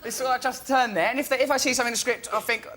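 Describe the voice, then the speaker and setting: A man's voice: extremely high pitch, fairly even intonation, racing, pushed and bright. A man on a comedy quiz panel, rambling and theatrical, slipping into playful voices. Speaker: panel guest. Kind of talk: comic panel banter. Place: TV studio with audience.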